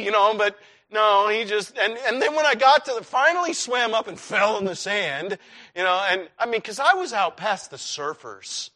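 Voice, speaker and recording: A man preaching a sermon, telling a personal story with lively swings from hushed to shouted. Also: high-pitched, normal speed.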